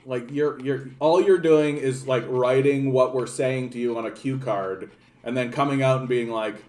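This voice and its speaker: A man's voice: medium pitch, steady tone, moderate pace, darkish tone. A young Canadian man ranting in a political vlog, rambling and sarcastic, with frequent swearing and restarts. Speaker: political commentator.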